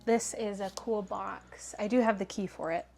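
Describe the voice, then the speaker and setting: Woman antique dealer rambling at home while unboxing, laughs a lot, mid pitch. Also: fairly even intonation, gravelly, darkish tone, slight background noise. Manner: chatty, laughs often, quick asides. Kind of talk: casual unboxing vlog. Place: home, indoors.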